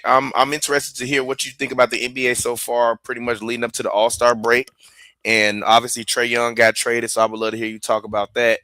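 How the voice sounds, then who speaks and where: Co-host, male, bright and forceful voice, argues his points, dry sound. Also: on the low side, dry recording. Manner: argumentative, then steering topics like a moderator. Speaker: podcast co-host. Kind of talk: casual sports talk.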